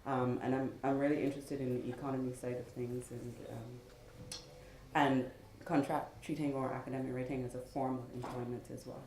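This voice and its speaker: A young woman in her twenties, a doctoral student, introducing herself on a panel with quick restarts. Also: very deep voice, little pitch movement, darkish tone, slight background noise. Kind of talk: conference self-introduction. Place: big conference room. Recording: echoey conference room.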